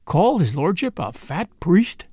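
A man's voice: high-pitched, very animated, normal speed, creaky, no room sound, clean studio sound, full character voice. A man voicing a jolly outlaw leader who teases with mock gravity, in an audiobook reading. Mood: mock-grave. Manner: teasing and mock-grave.

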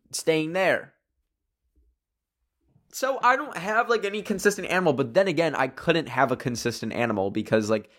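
A solo video creator plays through would-you-rather questions in a loose, playful ramble packed with fillers. He's a young man with a medium-pitched, slightly bright voice.

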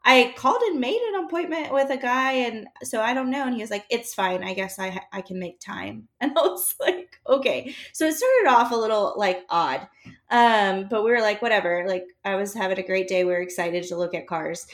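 Animated woman telling a story. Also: mid-range voice. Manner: animated, acts out quoted dialogue, laughs between lines. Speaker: storyteller in a group chat. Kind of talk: casual storytelling.

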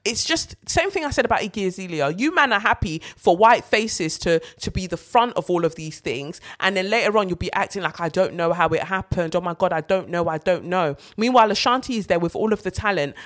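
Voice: medium pitch, a bit bright. A host giving blunt, sarcastic, profane celebrity gossip commentary in a ranting style.

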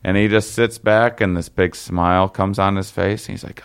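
Low gravelly man telling a rambling story. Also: steady tone. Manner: rambling, halting with fillers and restarts. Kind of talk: casual storytelling.

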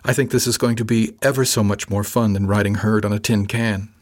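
A shy, courteous woman officer who speaks in a soft, gently enthusiastic way, as a male audiobook narrator puts her on. Her lines sit somewhat above his own low voice but stay plain and unforced. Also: steady tone, fairly quick, close to an everyday voice. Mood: brightly enthusiastic. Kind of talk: audiobook character voice.

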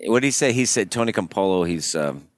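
A man co-hosting a casual comedic chat, goofy and quick to jump into silly shouted voices. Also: deep voice, lively intonation. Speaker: podcast co-host.

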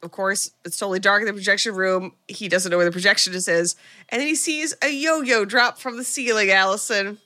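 A woman co-hosting a podcast, casually recapping a movie plot and swearing freely as she acts out quick lines. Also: medium pitch, pushed and bright, dry recording. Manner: retells scenes with quick quoted voices, swearing. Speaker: podcast co-host.

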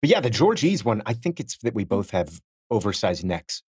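A husky-voiced middle-aged man in a relaxed podcast chat, spinning embarrassing stories about himself and playing every person in them. His voice sits at an ordinary pitch, close and dry with no room around it. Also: moderate pace, dry recording. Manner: self-deprecating storyteller, acts out quoted voices. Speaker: podcast co-host. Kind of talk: casual chat, telling anecdotes.

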